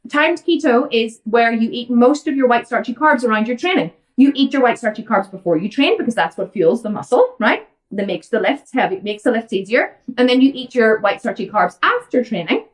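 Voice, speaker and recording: A woman's voice: fairly high pitch, lively intonation, brisk, far from the mic. An Irish woman hosting a fitness Q&A, blunt and outspoken as she answers viewer questions. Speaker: fitness coach and host.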